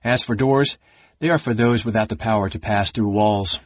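A man voicing a cold, menacing young male dark elf mage with a smooth, cool voice and a calm, quietly threatening manner. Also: lowish voice, normal speed, lo-fi sound, lightly acted.

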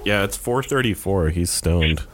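A man's voice: sits low, lively intonation, a little slow, soft background music. A man making dry, explanatory asides in comedic banter.

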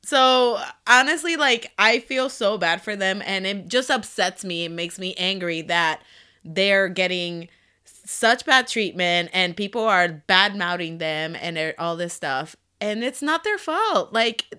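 A young adult woman hosting a podcast, chatty and excitable, chatting casually with friends. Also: mid-range voice, clear, resonant tone. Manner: chatty and excitable, quick to gush. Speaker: podcast host. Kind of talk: casual chat.

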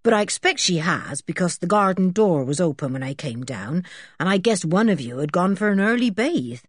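A woman's voice: fairly low pitch, very animated, normal speed, breathy edge, no room sound, clean studio sound. A woman voicing a practical, plain-spoken housekeeper in a storybook reading.

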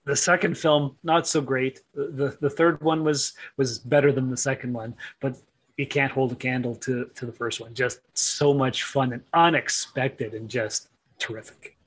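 A man's voice: medium pitch, steady tone, normal speed, slightly rough. A man co-hosting a podcast, talking casually about films with dry, sarcastic understatement. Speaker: podcast co-host. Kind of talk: casual film chat.

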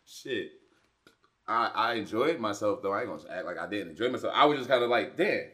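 A man's voice: lowish voice, animated, fairly quick, fairly bright tone. A man co-hosting a casual podcast, telling profane anecdotes.

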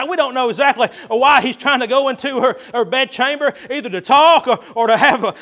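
A preacher with a strikingly high voice works through his sermon. He talks like he's chatting with friends, chuckling often and stumbling over fillers and restarts. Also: fairly bright tone.

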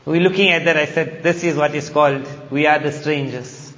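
High-voiced man preaching in hall. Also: fairly even intonation, brisk, fairly bright tone. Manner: emphatic, repeats key phrases, interleaves Arabic recitation with English explanation. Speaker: Islamic preacher. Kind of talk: sermon on Quran verses. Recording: echoey hall, muffled sound.

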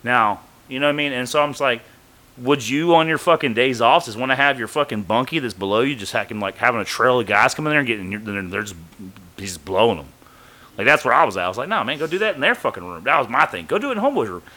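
In a quick, medium-pitched voice, a podcaster tells a casual, profanity-filled story. He acts out the quoted lines of other people with lively animation.

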